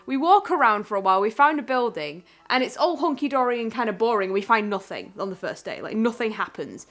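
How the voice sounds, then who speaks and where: Animated high-voiced woman telling stories. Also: a little fast. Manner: animated storytelling, acts out her own shouting. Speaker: co-host. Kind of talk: casual chat.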